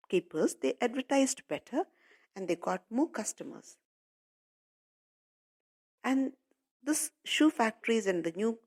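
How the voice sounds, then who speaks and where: A woman teacher explaining a lesson to children, addressing them directly and repeating points. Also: medium pitch.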